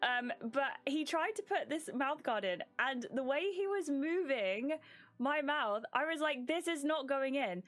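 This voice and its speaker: A woman's voice: high voice, lively intonation, a little slow, a bit bright. A young British woman streamer telling a story in a casual, rambling way to her live chat, with many fillers and restarts.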